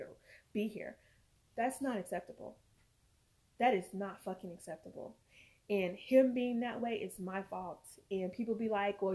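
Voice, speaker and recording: A woman talks straight to her viewers in an earnest, emphatic way, swearing at times. Her voice sits at a middle pitch and swings between loud, forceful stretches and quiet, near-tearful ones. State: near tears. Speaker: mother and vlogger. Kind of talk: emotional personal vlog talk.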